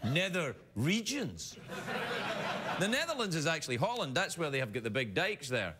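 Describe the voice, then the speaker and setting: A man's voice: on the high side, big pitch swings, fast. A male talk show host doing a playful late-night comedy bit, laughing through his lines with goofy asides. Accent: Scottish. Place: TV studio with live audience. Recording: loud studio audience noise.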